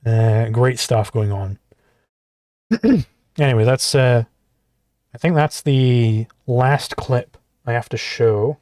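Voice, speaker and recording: A man hosting a livestream, talking in an exasperated rant full of swearing. His voice sits at an ordinary pitch and sounds close and dry, with no room around it. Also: takes it slowly, pauses often, darkish tone, dry recording. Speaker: livestream host reacting to clips. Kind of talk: profane livestream commentary.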